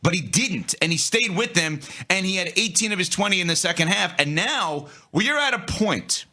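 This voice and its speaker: A man co-hosting a sports talk show, arguing his take in an animated way and speaking straight to the audience. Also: high-pitched, normal speed. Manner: animated, talks to the audience directly.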